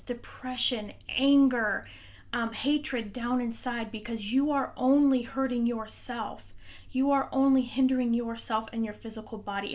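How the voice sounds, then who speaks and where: A young woman with a high-pitched voice talks straight to the viewer in a casual motivational monologue. She is earnest and emphatic, pressing each point home as she shares a channeled message. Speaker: spiritual channeler and host.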